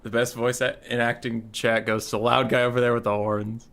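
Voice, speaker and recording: A man's voice: mid-range voice, flat delivery, moderate pace, fairly bright tone. A young man casting a strategy game tournament, rambling and joking with frequent swearing. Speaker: tournament caster. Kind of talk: casual game commentary.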